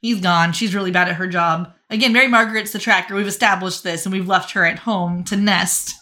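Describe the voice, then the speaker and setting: A woman co-hosting a podcast, casually recapping a TV episode and acting out the characters' lines. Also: medium pitch. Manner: lively, acts out characters' lines in quick voices. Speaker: podcast co-host recapping a TV show. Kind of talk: casual chat, recapping with acted quotes.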